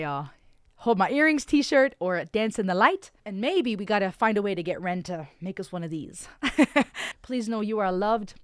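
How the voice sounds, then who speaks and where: A woman's voice: mid-range voice, no room sound, studio quality. A woman giving casual, effusive reaction commentary as a vlogger, emphatic and full of restarts.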